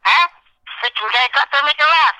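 A comedian doing a loud, badgering Northeast tough guy who pushes and heckles in rapid bursts. The voice jumps well above the man's own register and has a sharp, tense edge. The sound is close and dry. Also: extremely high pitch, no room sound, voice pushed up, exaggerated voice, poor audio.

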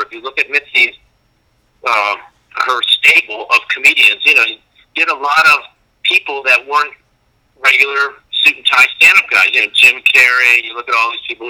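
A man's voice: medium pitch, low-quality recording. A man, a comedian guest, telling stories casually and acting out old exchanges in a raised voice. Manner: animated, acts out dialogue in a raised voice. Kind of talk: casual interview storytelling.

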